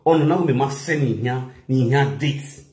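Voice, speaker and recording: A man's voice: mid-range voice, moderate pace, roomy sound. A man with a Nigerian accent chatting loosely and laughing often on a live stream. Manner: laughing, rambling, animated. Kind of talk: casual live-stream chat.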